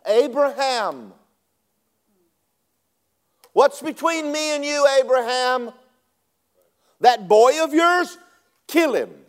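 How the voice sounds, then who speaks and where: Man doing God giving commands, drawn-out, loud, lively pitch. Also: full character voice. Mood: commanding. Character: demanding God speaking to Abraham.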